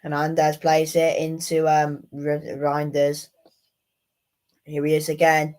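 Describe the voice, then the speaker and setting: Low-voiced, slow woman reacting to football. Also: completely flat delivery, a little mellow, rough recording. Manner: exasperated, swears often, talks to herself. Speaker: football watchalong streamer. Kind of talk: live match reaction commentary.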